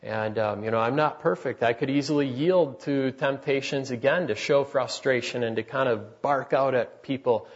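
A man in his thirties preaching a sermon in an earnest, halting way, with many restarts and fillers. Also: medium pitch, dull audio.

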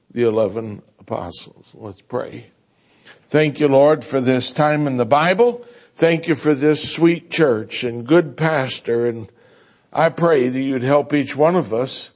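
Slow, folksy preacher man. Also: mid-range voice. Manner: folksy, animated, jokes and mimics voices. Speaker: guest preacher. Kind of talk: sermon.

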